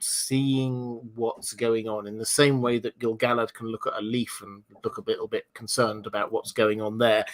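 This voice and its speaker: Hesitant male livestream host. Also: medium pitch. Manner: musing, hesitant, many restarts. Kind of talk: casual livestream chat.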